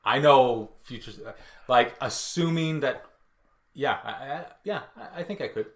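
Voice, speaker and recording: A man's voice: medium pitch, animated, unhurried, fairly bright tone. A man co-hosting a podcast, chatting casually in a playful, laughing way, in a roomy-sounding recording. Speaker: podcast co-host. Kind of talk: casual chat. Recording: roomy echo.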